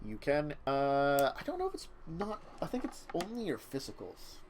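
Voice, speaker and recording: A man running a tabletop role-playing game as game master. His fairly high voice swings lively up and down, and he jokes and laughs easily. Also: slight background noise. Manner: jokey and animated, quick to laugh.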